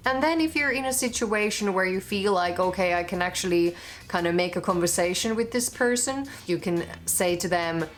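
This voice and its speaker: A woman's voice: medium pitch, normal speed. A Finnish woman teaching simple Finnish phrases in a casual, dry-humored way. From Finland. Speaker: language teacher in a video. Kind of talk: casual instructional talk. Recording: clip with faint music.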